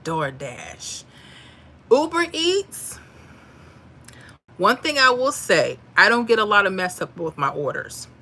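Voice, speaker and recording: Woman, livestream host, chatty, animated, reads numbers and comments, bright voice. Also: lowish voice, normal speed, few pauses, slight background noise. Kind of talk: casual livestream chat reading viewer comments.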